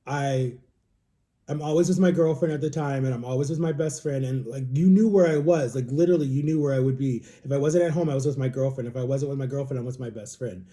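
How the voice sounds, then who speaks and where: At home, a young male vlogger tells a personal story fast and in a rambling, casual way, constantly saying "like" and acting out others' lines as dialogue. His voice is medium in pitch with a warm tone.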